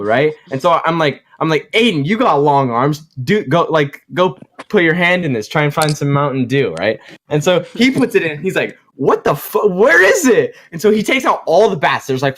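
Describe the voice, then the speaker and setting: A man's voice: on the high side, a bit bright. A teenage boy co-hosting a casual podcast, telling a rambling story between laughs. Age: teens. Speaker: podcast co-host. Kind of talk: casual chat.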